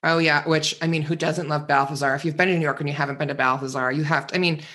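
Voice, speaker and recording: A man's voice: fairly high pitch, fairly even intonation, quick pace, pushed and bright. Campy witty guy on a podcast, chatty and opinionated. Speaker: podcast co-host. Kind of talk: casual chat.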